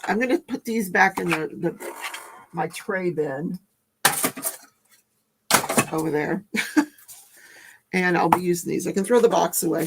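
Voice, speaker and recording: A woman's voice: fairly low pitch, vocal fry, noisy background. An older woman, a grandmother, chatting casually as host of a livestream, rambling and correcting herself as she tells a story.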